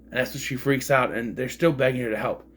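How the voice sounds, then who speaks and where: A man's voice: medium pitch, fairly even intonation, a little fast, fairly bright tone, breathy edge. A man casually reviewing a film, rambling and frank, swearing freely as he complains. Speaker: movie reviewer.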